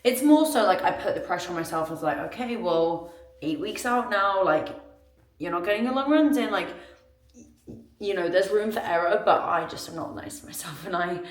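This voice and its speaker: A woman's voice: on the low side, lively intonation, normal speed, dry recording. A young woman vlogging while on a long run, chatty and out of breath, often tired and talking herself through it. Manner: chatty, self-talk while running, often breathless and weary. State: out of breath, exhausted. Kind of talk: running vlog, talking to camera. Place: outdoors, on a run. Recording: noisy outdoor ambience.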